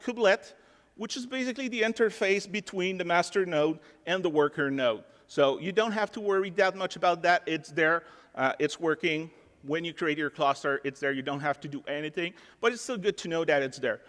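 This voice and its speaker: A man with a French accent walks a conference audience through a live technical demo in an easygoing, chatty way. His voice sits a little high, and he fills his sentences with casual fillers. The sound rings with the long reverb of a large ballroom. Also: fairly bright tone. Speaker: conference speaker.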